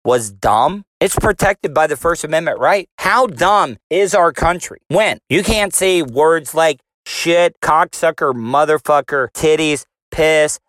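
A man's voice: a little high, expressive, unhurried, few pauses, a bit bright, no room sound. A man, formerly in radio, delivering a combative, profane rant full of rhetorical questions. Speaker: commentator, former radio host. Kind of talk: ranting commentary.

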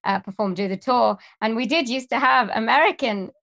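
A woman's voice: fairly high pitch, normal speed, creaky, a bit bright. A woman, a singer and presenter, talking as an interview guest in a chatty, projecting voice. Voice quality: big, projecting voice. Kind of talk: casual interview chat.

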